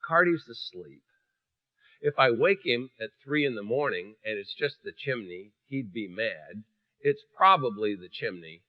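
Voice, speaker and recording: A man's voice: medium pitch, measured pace, no room sound, muffled recording. A man preaching with humor, telling a story and acting out the voices of its people. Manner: animated, acts out voices, shifts from hushed to loud.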